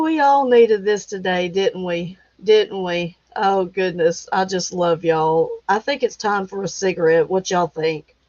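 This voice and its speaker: Middle-aged woman, livestream host, chatty and affectionate, slow unhurried delivery, dry close sound on a dull phone recording. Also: fairly low pitch, mellow, dry recording. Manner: chatty and affectionate, laughs often. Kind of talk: casual chat with viewers, reading comments aloud.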